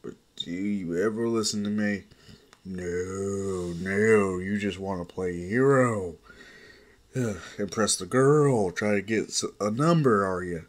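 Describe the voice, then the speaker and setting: A man voicing a gruff male warrior mentor who scolds and mocks his student in a lowered voice. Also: slow. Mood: mocking. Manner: low, scolding, mocking.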